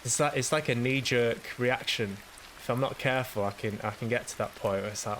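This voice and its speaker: A man's voice: mid-range voice, fairly quick, fairly bright tone, slight background noise, rough recording. A man hosting a solo podcast, rambling through a casual monologue in a self-deprecating, sweary way. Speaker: podcast host.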